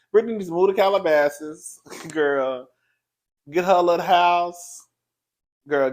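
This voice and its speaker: A man giving sassy, chatty celebrity gossip commentary, laughing often and calling the listener "girl". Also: on the high side.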